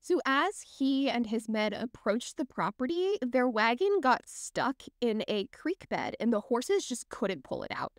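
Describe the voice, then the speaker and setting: A young adult woman hosting a podcast, retelling a spooky legend in an animated, chatty way. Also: a little high, measured pace, hardly any pauses, no echo, clean studio sound. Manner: lively, animated retelling with quoted voices. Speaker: podcast host telling the story. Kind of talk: casual storytelling chat.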